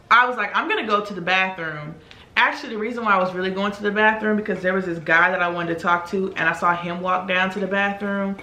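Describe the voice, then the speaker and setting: Chatty young woman in an echoey room. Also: mid-range voice. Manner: chatty, animated, acts out quoted voices. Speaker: beauty vlogger. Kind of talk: casual storytelling while doing makeup.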